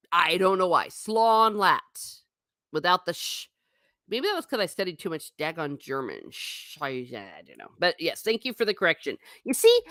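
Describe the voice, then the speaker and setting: Lively, irreverent woman chatting to her chat. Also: medium pitch, dry recording. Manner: chatty, irreverent, laughs often, mild swearing. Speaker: vlogger reading live chat. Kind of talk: casual live-stream chat.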